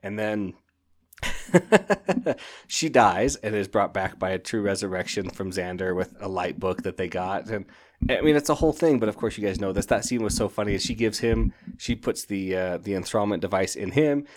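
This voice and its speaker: A man hosting a podcast, chatting casually and excitedly about books in a rambling way, often laughing. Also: lowish voice, moderate pace. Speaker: podcast host. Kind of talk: casual book review chat.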